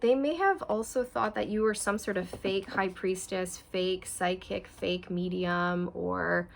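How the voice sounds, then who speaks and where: A woman's voice: lowish voice, unhurried, gravelly, a little hiss or hum. A woman doing a casual tarot reading. She talks straight to her viewers in a chatty, repetitive way. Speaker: tarot reader.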